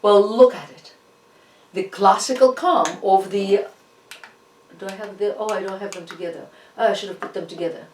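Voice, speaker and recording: A woman's voice: mid-range voice, slight background noise. A woman with a Russian accent, a native Russian speaker, giving an informal art history lecture with many fillers and restarts. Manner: halting, many fillers and restarts, animated asides. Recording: roomy echo, distant from the mic.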